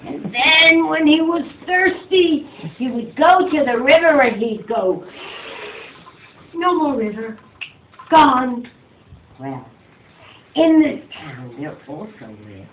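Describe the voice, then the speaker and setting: Woman, storyteller, animated, dramatic, roomy echo, phone-like sound. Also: on the high side, slow pace. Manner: dramatic, big swings of voice for effect. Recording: far from mic, phone-like, echoey, faint noise.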